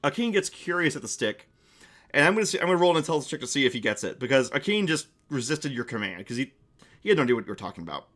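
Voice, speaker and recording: A young man narrating a live-streamed tabletop game as game master, chatty with quick asides. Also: medium pitch, sing-song, fairly bright tone. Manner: chatty, quick asides, laughs at own jokes.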